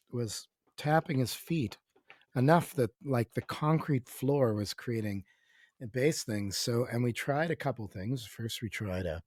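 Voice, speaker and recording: A man from Canada telling rambling, animated stories as a musician guest on a casual podcast. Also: fairly low pitch, no room sound, studio quality.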